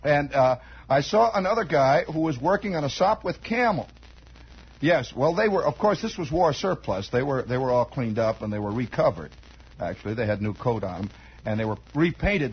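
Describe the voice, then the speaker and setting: A man's voice: mid-range voice, lively intonation, normal speed, slightly rough, poor audio. A man telling a long, rambling comic story, chatty and digressive, full of asides and restarts.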